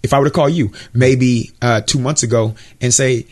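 A man's voice: medium pitch, steady tone, moderate pace. An American man, a Christian rapper, talking earnestly and encouragingly in an interview, preaching about purpose and faith. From United States. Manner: earnest, encouraging, repeats words.

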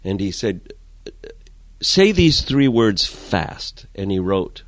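A man, a guest in an interview, telling comic stories in an animated way, going from loud to hushed. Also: lowish voice, slow, dry recording. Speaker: guest, comedic storyteller. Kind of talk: casual interview chat.

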